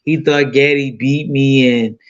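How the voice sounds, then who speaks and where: A man's voice: mid-range voice, steady tone, a little slow, muffled recording. A man in his fifties telling a fight story in loose, profane casual talk full of fillers. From United States. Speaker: boxing guest.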